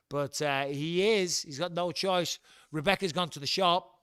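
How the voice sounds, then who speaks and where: A man's voice: a little high, normal speed, fairly bright tone, clear, resonant tone, no echo. A middle-aged man with an English accent, hosting a casual livestream from home, chatty and blunt, swearing freely. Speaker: livestream host.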